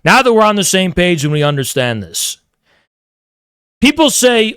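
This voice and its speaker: A man's voice: high-pitched, big pitch swings, moderate pace, long pauses, fairly bright tone, clear, resonant tone, no room sound, clean studio sound. A man delivering a provocative, emphatic ranting monologue, repeating phrases for effect. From United States. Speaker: political commentator.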